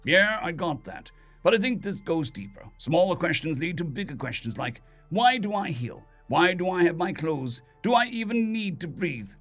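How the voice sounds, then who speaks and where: A man voicing a defiant dead atheist who stays calm and coldly confident, asking one probing question after another. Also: a little high, normal speed, hardly any pauses, faint music behind, pitched above the performer's own voice.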